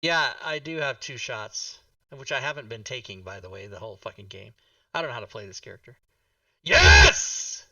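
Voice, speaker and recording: A man playing in a casual tabletop game, excitable, swearing freely and laughing as he talks, heard from a slightly distant mic. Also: fairly low pitch, quick pace, dry recording. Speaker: player.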